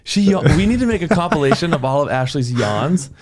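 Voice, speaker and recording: A man's voice: on the high side, fairly quick, a crowd in the background. An American man hosting a podcast, telling stories with jokey impressions in casual banter. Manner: animated storyteller, jokey impressions. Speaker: podcast host.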